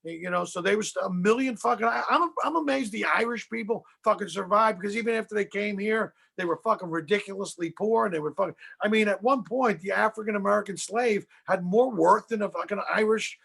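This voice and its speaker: Gravelly, profane man ranting. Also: high-pitched, brisk, hardly any pauses, fairly bright tone. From Philadelphia. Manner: profane, rambling rants. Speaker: comedian guest. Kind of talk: podcast conversation.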